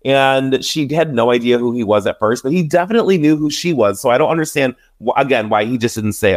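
A man's voice: mid-range voice, a little fast, hardly any pauses. A man hosting a podcast, chatting casually and animatedly as he recaps reality TV, acting out what people said. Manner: chatty, animated retelling with quoted voices. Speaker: podcast host. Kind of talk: casual solo recap chat.

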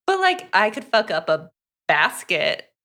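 A woman's voice: mid-range voice, sing-song, a little slow, sharp tone. A woman co-hosting a podcast in casual chat, tossing in wry jokes and easy swearing. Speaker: podcast co-host. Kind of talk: casual book-review chat.

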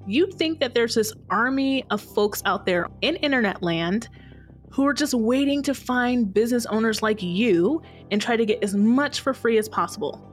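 A woman's voice: a little high, expressive, normal speed, faint music behind. A woman hosting her own podcast, talking solo to her listeners in a chatty, playfully sarcastic way. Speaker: podcast host.

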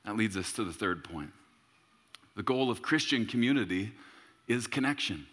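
A man in his thirties preaching a sermon as a pastor, telling a story with humor and bursts of shouting. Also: on the low side, animated, moderate pace, pauses often, long reverb tail.

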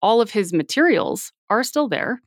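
A woman's voice: fairly high pitch, big pitch swings, moderate pace, no echo, studio quality. A woman speaking as a podcast guest in a casual interview, earnest and at times dryly sarcastic.

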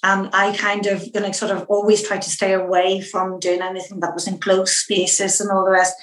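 This interview guest is a middle-aged Northern Irish woman who recounts stories in a lively, chatty manner at a moderate pace, dramatizing what she said back then. Her medium-pitched speech is thick with "kind of" and "you know," and it echoes in a roomy space.

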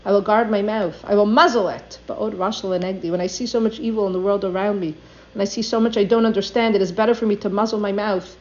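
A woman's voice: medium pitch, fairly even intonation, quick pace. An older woman giving an earnest religious talk, reading passages aloud and then translating them. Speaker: Torah teacher. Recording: dull lo-fi recording.

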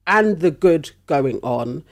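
A man's voice: fairly high pitch, animated, takes it slowly, gravelly. A man co-hosting a casual podcast chat, talking reflectively and thinking aloud with hedges.

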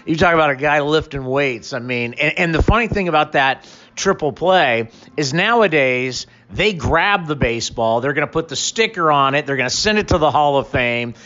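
A man's voice: a little high, lively intonation, normal speed, sharp tone, muffled recording. A man co-hosting a baseball talk show, chatting in a conversational, reflective way. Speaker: baseball podcast co-host. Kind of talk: casual sports chat.

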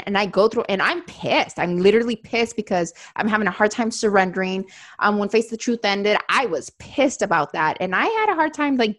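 Podcast host, woman, outspoken and warm-hearted delivery, loose casual chat. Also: mid-range voice. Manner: candid and effusive, swears freely.

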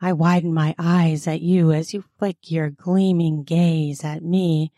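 A woman reading an erotic story aloud in an intimate, unhurried storytelling manner. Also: low-pitched, flat delivery, mellow, dry recording, studio quality. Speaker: narrator.

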